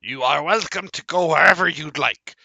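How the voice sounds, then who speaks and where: A man voicing a small gray bat-eared ghoul servant, fawning and excitable, in a tabletop game. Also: moderate pace, creaky, dry recording, lo-fi sound, exaggerated voice. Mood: excited. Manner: squeaky, excited, rambling.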